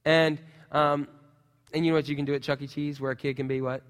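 A middle-aged man preaching a sermon as pastor, telling personal stories in a lively way with sound effects. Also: on the high side, a little fast, clear, resonant tone, long reverb tail.

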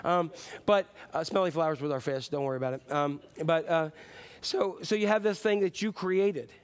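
A man preaching a sermon in a conversational, animated way, often acting out quotes in different voices. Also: on the high side, normal speed, clean tone. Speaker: pastor.

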